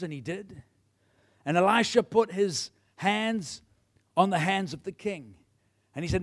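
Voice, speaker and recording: High-voiced animated preacher. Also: male voice, measured pace, pauses often. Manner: animated storytelling, acts out the characters. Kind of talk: sermon.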